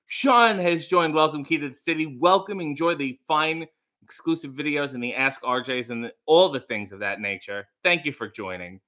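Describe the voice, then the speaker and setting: A man's voice: fairly high pitch, normal speed, sharp tone. A young man hosting a casual livestream, rambling playfully with sarcastic asides while reading out chat messages. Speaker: livestream host.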